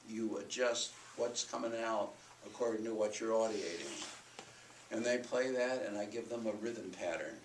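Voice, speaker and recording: A man's voice: fairly low pitch, normal speed, a little hiss or hum. An older man giving a college lecture on music teaching, breaking into sung solfège and chanted rhythm syllables to demonstrate. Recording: roomy hall recording from far off.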